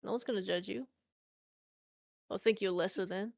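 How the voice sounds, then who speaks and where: A woman's voice: mid-range voice, normal speed, creaky, a little mellow, no echo, clean studio sound. A woman playing a tabletop role-play, narrating her character, earnest with hesitant restarts. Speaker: player.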